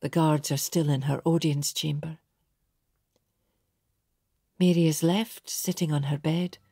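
A woman narrating a historical audiobook in a slow, hushed, measured reading voice. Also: sits low, steady tone, breathy edge, no echo, studio quality. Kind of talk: scripted narration.

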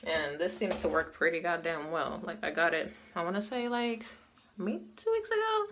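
A woman's voice: on the low side, animated, normal speed, a bit bright. A woman chatting casually through a get-ready-with-me vlog, candid and laughing often, swearing freely, recorded at home on a phone. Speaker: beauty vlogger. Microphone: phone camera.

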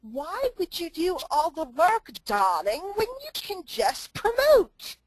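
Brief: charming rich English gent, shaky put-on English accent, high and unhurried, done by a woman. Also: wildly swooping pitch, no echo, exaggerated voice. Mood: coaxing. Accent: English, badly imitated. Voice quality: put-on posh lilt. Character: charming rich English gentleman, smooth and breezy.

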